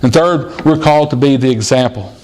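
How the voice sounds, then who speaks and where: A man's voice: fairly quick, a little mellow. Male pastor preaching in earnest. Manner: storytelling, plain earnest preaching; jumps to a high child's voice when quoting a boy. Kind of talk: sermon. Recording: audio-only church sermon recording.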